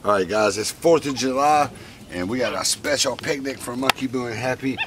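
A man's voice: medium pitch, a little fast, a bit bright, slight background noise. A man narrating casually, doting on and coaxing his pet monkeys. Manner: doting, coaxing, talks to the animals, chuckles often. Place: outdoors at a picnic.

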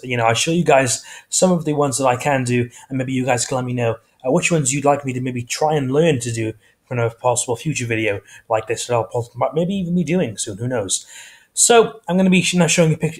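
A man's voice: mid-range voice, darkish tone. A man hosting his own video channel, chatting casually in a rambling way and correcting himself often. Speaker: YouTube host. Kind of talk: casual vlog chat.

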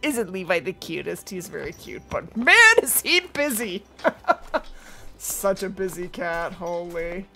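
A woman's voice: lowish voice, big pitch swings, slow, sharp tone, faint music behind. A woman chatting casually with her viewers while streaming a game from home, talking to her cat and laughing easily. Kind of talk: casual live-stream chat over gameplay.

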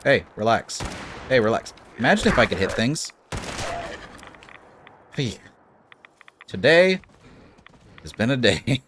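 A man's voice: mid-range voice, sing-song, slow pace, pauses often, a bit bright, a little hiss or hum. A young man casually commenting on a game he plays, joking and laughing at himself. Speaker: gaming YouTuber.

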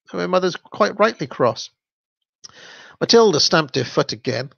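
A man's voice: sits high, big pitch swings, normal speed, gravelly, fairly bright tone, dry recording, lo-fi sound. A man hosting a livestream, reading children's stories aloud and commenting in a chatty, hesitant way with fillers and laughs. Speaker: channel host.

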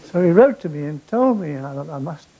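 An older man telling wartime comic anecdotes on stage, with dry deadpan timing and stammered restarts. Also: on the high side, fast, poor audio. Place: theatre stage before a laughing audience.

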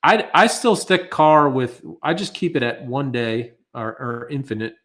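A man's voice: medium pitch, unhurried, a bit bright. An American man presenting a live webinar, talking loosely and conversationally with many fillers as he answers viewer questions.

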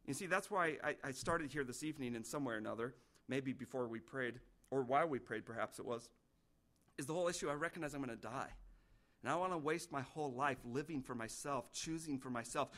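A middle-aged male pastor preaching a sermon, earnest, with sudden rises in pitch and loudness.

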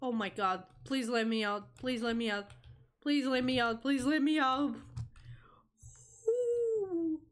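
A young woman streaming a horror game, reacting out loud, swearing and talking to the game as she plays. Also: high voice, expressive, takes it slowly, long pauses. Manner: jumpy, swearing, talks to the game. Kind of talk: live gameplay reaction.

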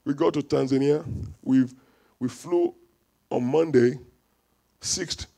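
A man preaching a fervent sermon in a church service, repeating phrases for the congregation and bursting into shouts. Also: medium pitch, slow pace, gravelly. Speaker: pastor.

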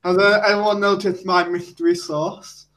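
A young man co-hosting a casual chat stream, who talks in a joking, drawn-out way. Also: high-pitched, level tone, fairly bright tone, rough recording. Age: young adult. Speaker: podcast co-host.

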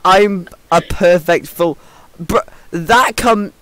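A man's voice: high voice, slow, bright, forceful tone, dry recording. A young man chatting loosely on a live stream, laughing and using slang. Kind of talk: casual live-stream chat.

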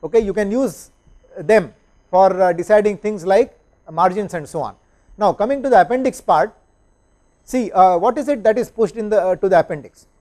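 A man's voice: high-pitched, normal speed, dark tone. A man, lecturing and answering questions, explaining step by step and often checking understanding with "right?" and "okay?".

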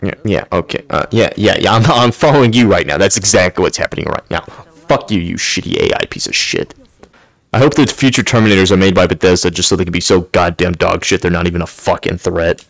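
A man's voice: sits low, expressive, quick pace, vocal fry, dry recording. A man giving gameplay commentary while playing in VR, ranting with constant swearing and exasperation. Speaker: gamer playing in VR.

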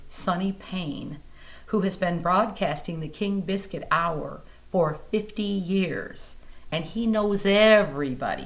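A woman blues singer chats in a casual interview, her voice sitting a little low. She tells stories in an animated way and acts out the people she quotes. She is recorded indoors at a music museum.

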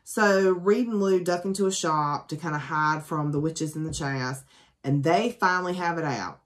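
A woman's voice: low-pitched, moderate pace. A woman reviewing a book in a casual, chatty way, full of ums and asides, with sarcastic jokes along the way. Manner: sarcastic, joking. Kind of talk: casual spoken book summary.

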